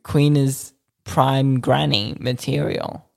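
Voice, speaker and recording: A podcast co-host on a headset mic making absurd deadpan jokes and trailing off mid-thought. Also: mid-range voice, slow pace, creaky. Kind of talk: casual banter. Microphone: headset mic, often off it.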